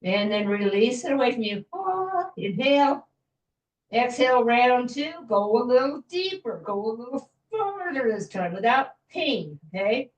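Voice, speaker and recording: Gentle woman leading a stretching class. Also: fairly high pitch, very animated, measured pace, distant mic, highs cut off. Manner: gentle, chatty, self-joking with little laughs. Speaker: fitness instructor. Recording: echoey room, voice from afar.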